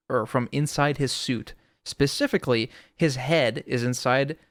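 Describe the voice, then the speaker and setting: A man with a mid-range voice gives a relaxed audio tutorial on sound design as a music producer, peppering his explanation with "sort of." He sits close to a studio mic, and there's no room sound.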